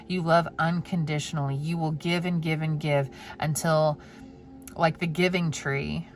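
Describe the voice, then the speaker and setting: A woman giving a pick-a-card tarot reading in a gentle, heartfelt way. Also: deep voice, fairly even intonation, measured pace, faint music behind. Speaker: tarot reader.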